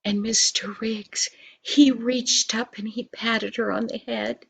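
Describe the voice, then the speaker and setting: Older woman, slow and gentle storyteller, higher voice, expressive whispers and sound effects for a children's tale. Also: vocal fry, husky. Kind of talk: storybook reading.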